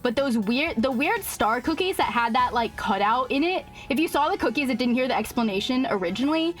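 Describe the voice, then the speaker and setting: Giggly excitable woman streaming, chatting with chat, high bouncy voice. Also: fairly quick, soft background music. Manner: giggly, excitable, laughs often. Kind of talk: casual live-stream chat.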